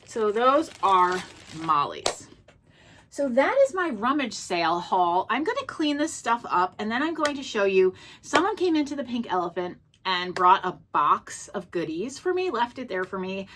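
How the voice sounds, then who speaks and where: A woman's voice: medium pitch, sharp tone, a little hiss or hum. A woman casually showing off her thrift finds, chatty and gushing, with many ums and restarts. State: out of breath. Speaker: thrift vlogger. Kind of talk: casual show-and-tell chat. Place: home.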